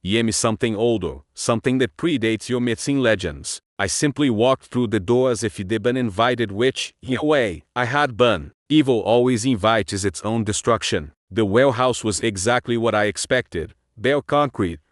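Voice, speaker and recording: A man giving a slow, brooding first-person narration of a dark story. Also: mid-range voice, no room sound, clean studio sound.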